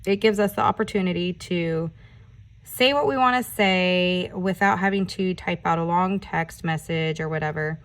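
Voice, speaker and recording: A woman vlogger chatting casually while doing her nails, telling a story in an animated, ranting way and swearing often. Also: fairly low pitch, normal speed. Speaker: nail art vlogger.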